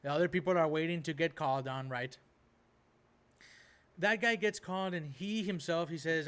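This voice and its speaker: Host of a reaction video, a man with a slightly high voice who rambles in a loose rant full of "right?" and "bro". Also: normal speed, long pauses, fairly bright tone, smooth. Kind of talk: casual ranting commentary.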